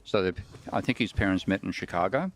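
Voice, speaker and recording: Australian man, podcast guest, low voice, measured storytelling delivery. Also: expressive. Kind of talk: conversational explanation.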